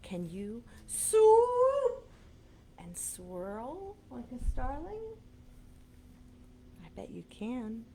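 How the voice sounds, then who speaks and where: A woman librarian reading a picture book aloud to small children, animated and coaxing, asking them questions, recorded on a webcam. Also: a little high, very slow, pauses often, a little hiss or hum. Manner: animated, sing-song, coaxing questions to kids.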